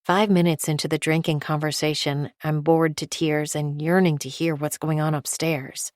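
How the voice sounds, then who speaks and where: A woman narrating a thriller audiobook in the first person with a steady, measured reading. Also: deep voice, no room sound, studio quality.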